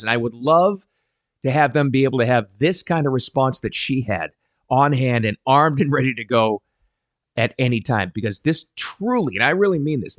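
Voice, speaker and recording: A middle-aged man giving casual advice to camera, animated and emphatic. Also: mid-range voice, no echo. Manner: animated and emphatic, quoting people in voices. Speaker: parenting advice vlogger.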